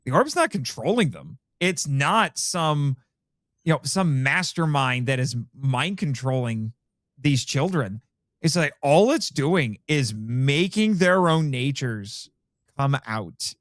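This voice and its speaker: A man's voice: takes it slowly, dry recording, studio quality. A man hosting a casual film discussion podcast, talking animatedly and acting out characters' lines. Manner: animated, quotes characters with rising pitch. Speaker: podcast host.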